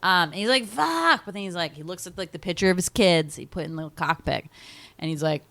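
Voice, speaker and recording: A woman's voice: fairly low pitch, quick pace, fairly bright tone. A woman co-hosting a podcast, chatting casually as she recaps a film and acts out the scenes with silly voices and sound effects. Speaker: podcast co-host.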